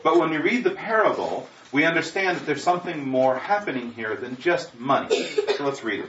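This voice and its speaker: A man's voice: medium pitch, animated, normal speed. Guy preaching a sermon, earnest, far off the mic, echoey dull room, noisy. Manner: earnest, reads scripture aloud with rising emphasis.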